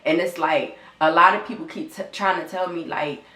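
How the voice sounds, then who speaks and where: Young woman vlogger, low voice, near tears, raw and repetitive, echoey room. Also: steady tone, moderate pace, sharp tone. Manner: raw, repetitive, swears often, talks straight to viewers. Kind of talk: emotional storytime vlog.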